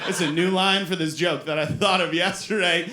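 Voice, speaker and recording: The recording is very noisy, with the roomy sound of a comedy club and a laughing crowd. Onstage, a man in his forties tells playful, self-mocking stories in a high voice with a steady tone at normal speed.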